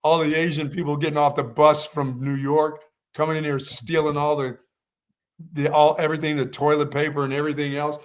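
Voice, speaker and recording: A man's voice: fairly high pitch, brisk. A man from Pennsylvania, hosting a sports talk show, telling a story in casual chat and laughing often. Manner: animated storyteller, laughs a lot.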